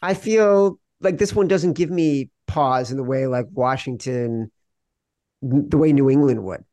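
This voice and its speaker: A man's voice: medium pitch, a little slow, warm tone, dry recording. A man co-hosting a sports betting podcast, arguing his picks in a wry, insistent way. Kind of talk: casual sports betting debate.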